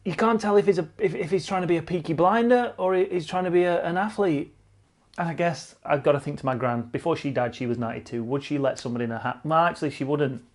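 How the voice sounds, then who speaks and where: A man's voice: fairly high pitch, quick pace. A man hosting casual online cycling news commentary, blunt and sarcastic, swearing freely and repeating himself for emphasis.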